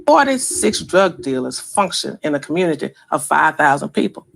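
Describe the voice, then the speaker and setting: Husky, gravelly woman in an interview. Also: sits low, big pitch swings, moderate pace. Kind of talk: interview answer.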